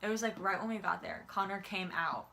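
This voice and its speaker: A woman's voice: medium pitch, fairly quick, creaky, crowd noise. A young woman vlogger telling a story in casual, rambling chat, using "like" constantly. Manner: chatty, rambling, heavy use of "like".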